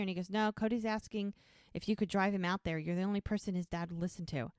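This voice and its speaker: A woman's voice: lowish voice, steady tone, fairly quick, clear, resonant tone, no echo, clean studio sound. A woman co-hosting a podcast, casually retelling scenes and quoting the characters as she goes. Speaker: podcast co-host. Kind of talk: casual recap chat.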